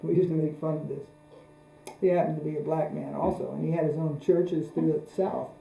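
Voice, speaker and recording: A man giving a religious lecture as a spiritual teacher, speaking in a measured, repetitive, anecdotal way, recorded in an echoey room with a mains hum. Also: a little high, steady tone, gravelly, dark tone.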